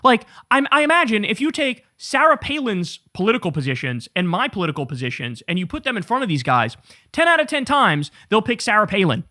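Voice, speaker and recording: A high-voiced man rants through political commentary, sarcastic, incredulous and profane. The sound is dry and close, with no room around it. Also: wildly swooping pitch, a little fast, sharp tone, no echo.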